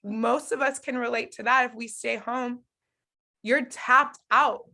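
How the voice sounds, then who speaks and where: A woman's voice: fairly high pitch, steady tone, measured pace, creaky, pushed and bright. A woman in her thirties coaching an online group in a casual, candid way, talking straight to her audience with many fillers. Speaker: online coach hosting a challenge. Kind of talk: casual live-stream teaching.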